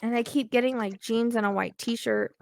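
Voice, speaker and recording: A woman's voice: on the high side, moderate pace, a little mellow. A woman giving a psychic reading in casual, hesitant talk full of fillers and restarts. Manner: hesitant, rambling with many fillers. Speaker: psychic medium.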